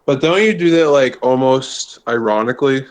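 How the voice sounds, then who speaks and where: A man's voice: medium pitch, normal speed, low-quality recording. A man from Boston with a Boston accent, chatting casually in a laid-back, dry way. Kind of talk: casual chat.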